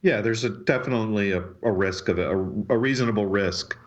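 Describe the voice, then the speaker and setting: A man co-hosting a podcast, relaxed and agreeable, often laughing along. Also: on the low side, fairly quick, lo-fi sound. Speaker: podcast co-host. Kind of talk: casual chat.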